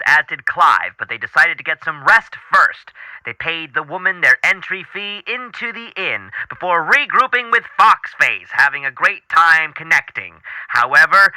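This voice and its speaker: Brief: male recap narrator, very bright and forceful, slightly high, dry. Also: dry recording, rough recording. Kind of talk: scripted narration.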